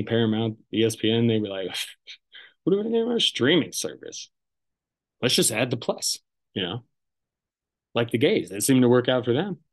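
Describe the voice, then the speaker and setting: A man's voice: mid-range voice, a little mellow. A man hosting his own podcast, talking alone in a loose, rambling way, swearing freely and often stopping to correct himself. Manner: rambling and profane, self-correcting with many restarts. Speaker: podcast host. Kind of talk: casual solo podcast monologue.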